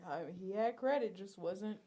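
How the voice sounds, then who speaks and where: A woman's voice: medium pitch, fairly quick, dark tone. A woman co-hosting a casual chat who answers with short, blunt wisecracks. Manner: dry, blunt wisecracks with profanity. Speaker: podcast co-host.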